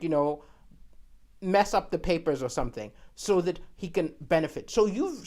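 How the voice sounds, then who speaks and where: A male comedian host telling jokes in an animated stand-up storytelling style, with frequent "right?" and big swings in loudness. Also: high-pitched.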